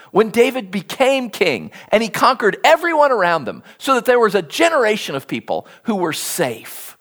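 Preacher mid sermon, super expressive voice swinging all over, acts out the quotes. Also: medium pitch. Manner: animated storytelling, acts out quoted speech.

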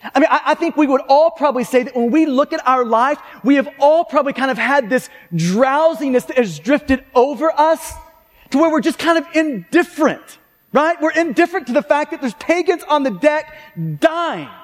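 A male preacher with a very high voice for a man, delivering a sermon in a chatty, conversational way. He keeps checking in with the listeners and often restarts his sentences. His voice trails off into the long reverb of a large church hall. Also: expressive, normal speed. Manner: conversational, frequent tag questions and restarts. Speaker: pastor.

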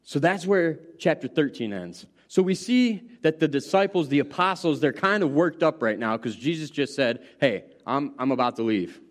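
A middle-aged pastor delivers a sermon in a relaxed, conversational tone. His voice sits somewhat high for a man. He retells scripture casually, as if telling a story to friends. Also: normal speed, few pauses.

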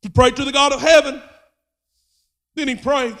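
High-voiced preacher man, shouting and hushed. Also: normal speed, long pauses. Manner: swings from low intimate talk to shouted preaching. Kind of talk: sermon. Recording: long hall reverb.

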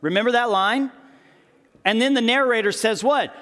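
A man preaching a sermon as pastor, telling stories with animated energy and acting out the quotes. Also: extremely high pitch, moderate pace, long pauses, big-room sound. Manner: animated storytelling, acts out quotes.

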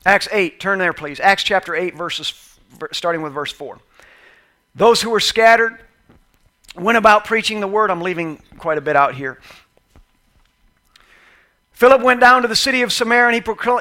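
A man preaching a sermon with passion, swinging between loud calls and quiet asides. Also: sits high. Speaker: pastor.

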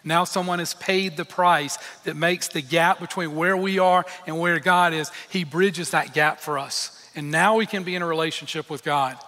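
A male pastor delivers a sermon in an earnest, emphatic way, breaking off for candid personal asides. His voice sits a little high and has a bright, forceful edge. The sound carries a long reverb, as in a church sanctuary.

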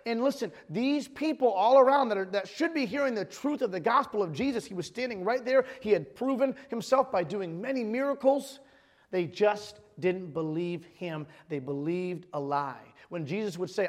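A pastor with a high voice preaches a sermon, speaking emphatically and restarting phrases as he reads scripture. His voice rings out with a long reverb in a church hall. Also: expressive, normal speed.

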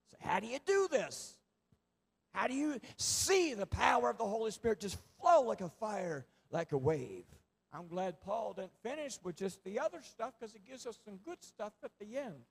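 A man preaching a fervent sermon as a pastor, swinging from quiet asides to loud exclamations. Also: very high-pitched, very animated, measured pace, pauses often, breathy edge.

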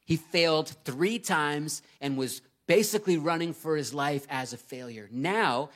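Man, 30s, pastor, sermon, earnest, emphatic, fairly high-pitched. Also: a little slow. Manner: earnest and emphatic, swings between loud urgency and quiet reading.

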